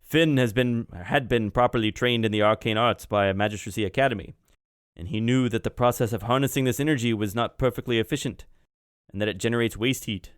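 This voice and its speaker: A man voicing a cryptic, ageless male being in an adopted body, who asks slow, probing questions in a tabletop game. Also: medium pitch, smooth, dry recording, studio quality, lightly acted. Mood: lecturing.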